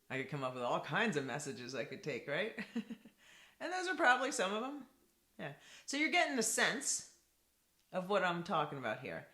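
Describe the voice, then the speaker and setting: A woman's voice: on the low side, normal speed. A woman therapist giving a teaching talk to camera, repeating key points and often checking in with a rhetorical "right?". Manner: lively, repetitive, asks rhetorical "right?". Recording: echoey room.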